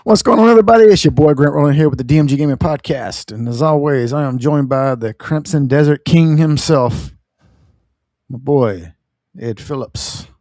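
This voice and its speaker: A man's voice: mid-range voice, moderate pace, dark tone, no room sound. A man hosting a podcast in casual chat, joking and swearing, often laughing. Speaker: podcast host.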